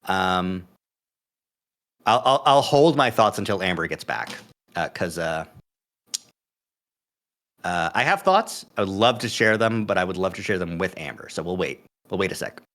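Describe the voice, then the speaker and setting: Playful low-voiced man on a stream. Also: animated, normal speed, long pauses, a bit bright. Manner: playful, rambling, repeats words. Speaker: guest co-reader. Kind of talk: casual stream chat.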